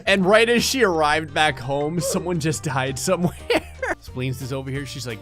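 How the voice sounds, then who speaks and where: A man's voice: on the high side, moderate pace, soft background music. Joking man narrating a life-sim game. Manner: joking, often laughing, animated bursts. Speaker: gaming video commentator. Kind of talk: comedic gameplay commentary.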